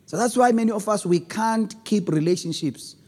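A man preaching a sermon on relationships, swinging between loud emphasis and low asides. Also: normal speed, in a large hall. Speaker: pastor.

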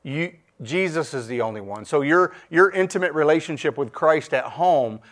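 A man's voice: a little high, lively intonation, moderate pace, fairly bright tone. A middle-aged man giving a testimony at church in a sermon style, emphatic, repeating himself, his voice swelling and dropping.

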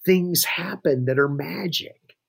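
Man, pastor, guest, anecdotal, chuckling, slightly high voice. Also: slow pace, vocal fry, slightly rough. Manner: anecdotal, chuckles while telling stories. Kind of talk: conversational storytelling interview.

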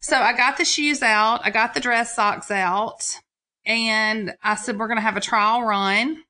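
A woman's voice: on the high side, steady tone, measured pace, sharp tone. A middle-aged woman, animatedly telling stories in a casual chat and laughing often.

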